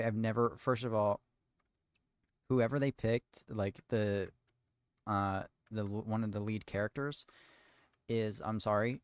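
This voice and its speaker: A man's voice: lowish voice, dry recording, clean studio sound. A man chatting casually while building, ranting at length with restarts and swearing. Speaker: streamer.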